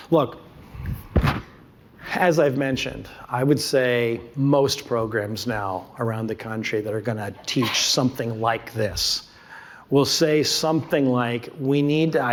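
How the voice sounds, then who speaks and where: A man presenting a curriculum to an audience. He talks emphatically, repeats his key points and asks rhetorical questions. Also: medium pitch. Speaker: conference speaker presenting a curriculum.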